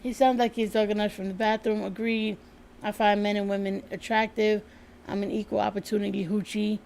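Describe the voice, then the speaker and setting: A woman's voice: mid-range voice, flat delivery, fairly quick, creaky, a little mellow, a little hiss or hum. A woman co-hosting a casual livestream, laughing often and talking loosely with some swearing. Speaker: livestream co-host. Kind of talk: casual live-stream chat.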